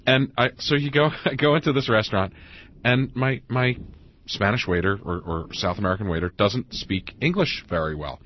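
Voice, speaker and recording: A man co-hosting a radio show, telling stories in a halting way with repeated words. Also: on the low side, slight background noise. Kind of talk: casual radio talk, storytelling. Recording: dull lo-fi radio broadcast.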